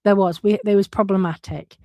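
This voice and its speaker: A woman's voice: medium pitch, steady tone, a little fast, dry recording, muffled recording. A woman giving frank, casual commentary and swearing freely, often breaking off and restarting her sentences. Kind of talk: casual commentary reading out messages.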